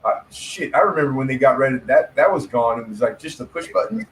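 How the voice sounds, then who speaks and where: A man's voice: mid-range voice, animated, fast talker, a little hiss or hum, rough recording. A man telling loose stories and jokes in casual chat, swearing freely and laughing often. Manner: profane storyteller, laughs often.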